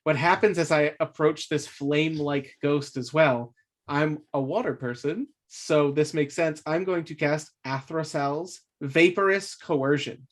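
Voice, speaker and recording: A man playing a tabletop game, halting and hesitant, describing his character's moves. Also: a little high. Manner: halting, hesitant, self-amused. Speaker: player. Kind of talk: casual tabletop play.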